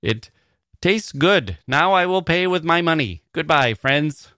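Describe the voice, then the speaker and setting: A man's voice: fairly high pitch, animated, pushed and bright, dry recording, clean studio sound, voice pushed up. A man putting on a stilted broken-English learner. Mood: mock-earnest. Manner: slow, stilted, overly simple phrasing. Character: halting adult man speaking stiff broken English.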